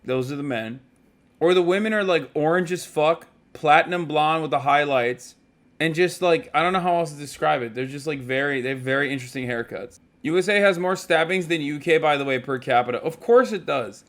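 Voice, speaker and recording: A man in his thirties telling stories as a streamer in a casual, animated, profane way. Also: fairly high pitch. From United States. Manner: animated, profane storytelling with frequent asides. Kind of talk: casual chat.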